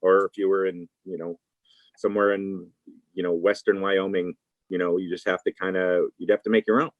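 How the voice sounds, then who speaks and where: Rambling low-voiced actor, dry sound. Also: male voice, no echo, muffled recording. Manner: rambling, many fillers and restarts. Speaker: actor, interview guest. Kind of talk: casual interview talk.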